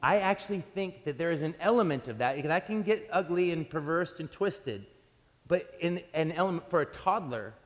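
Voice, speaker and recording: A man preaching a sermon as pastor, telling stories in an animated way and often restarting his sentences. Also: a little high. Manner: animated storytelling with frequent restarts. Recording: long hall reverb.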